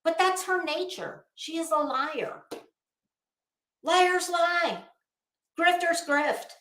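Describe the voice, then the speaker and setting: A woman's voice: very high voice, slow pace, fairly bright tone. Sassy, blunt woman streamer in echoey room. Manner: sassy, blunt, profane, calls people honey. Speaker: host of a live commentary stream. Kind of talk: casual live-stream commentary.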